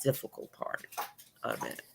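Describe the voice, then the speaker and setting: A woman's voice: unhurried, fairly bright tone, slight background noise. A middle-aged woman talking candidly with wry humor as a guest about her past with cancer, on a video call. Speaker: guest, cancer survivor blogger. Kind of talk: casual emotional conversation. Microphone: remote video call.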